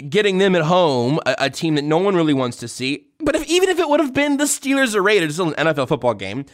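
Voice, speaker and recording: A man with a somewhat high voice hosts a sports podcast and reads a sponsor ad his own way. He rambles and jokes, then trails off into awkward little asides before snapping back to the pitch. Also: sing-song, quick pace, no echo, studio quality. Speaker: podcast host. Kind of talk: casual chat with a read-out sponsor ad.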